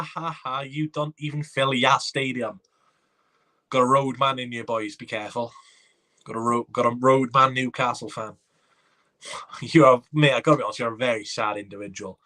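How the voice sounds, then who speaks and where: A man gives live reaction commentary on a football match in a bright, forceful voice. He is excitable and chatty, and he reads viewer comments aloud. His pitch sits at a middle level. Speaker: fan watchalong host.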